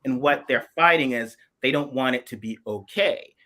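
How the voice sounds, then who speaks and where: A man's voice: mid-range voice, moderate pace, pushed and bright. Impassioned man on a video chat. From South Carolina. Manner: emphatic and impassioned, many restarts. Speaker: podcast co-host. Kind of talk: casual political chat.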